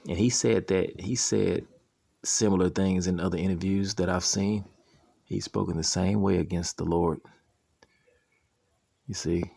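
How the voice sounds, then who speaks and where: A man reading scripture verses slowly and commenting on them, often asking "you see?" as he makes his point. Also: deep voice, creaky, a little mellow, dry recording. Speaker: preacher commenting on a video.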